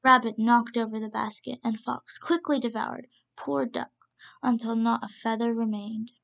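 A woman narrates a children's story in a steady, measured way. Her voice sits fairly high but carries a heavy gravelly crackle. The recording sounds muffled and lo-fi. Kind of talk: reading a children's story aloud.

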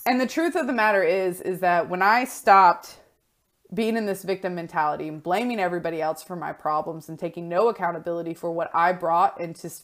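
Blunt, frank woman coach talking. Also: fairly low pitch. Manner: blunt, frank, swears freely. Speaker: life coach. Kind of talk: casual solo talk.

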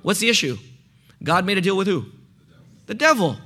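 Bright high-voiced man preaching. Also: big pitch swings, moderate pace. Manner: asks the listeners questions and fills in blanks. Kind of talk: sermon teaching.

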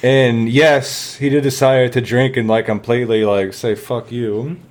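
A man's voice: mid-range voice, steady tone, moderate pace. A man telling an army story in casual talk, rambling, swearing heavily and laughing along.

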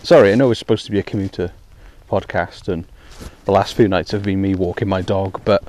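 A man's voice: low-pitched, fairly even intonation, brisk, a little mellow. A man hosting his own podcast, talking casually and rambling with lots of ums while walking outdoors in heavy rain on a hands-free headset. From Wales. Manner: rambling, self-deprecating, many ums. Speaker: podcast host. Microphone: hands-free phone headset.

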